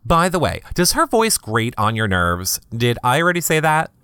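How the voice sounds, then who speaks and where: A man hosting a comedy podcast, reading gossip blogs aloud in a campy, sarcastic way with quick asides to listeners. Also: huge pitch swings, pushed and bright, smooth, no room sound, clean studio sound. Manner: campy, sarcastic, swoops into high mock voices.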